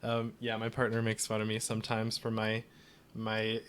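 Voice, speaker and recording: A man's voice: fairly low pitch, completely flat delivery, moderate pace, a bit bright, clear, resonant tone. Friendly man hosting a podcast. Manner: friendly, encouraging, laughs often. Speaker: podcast host. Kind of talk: casual interview chat.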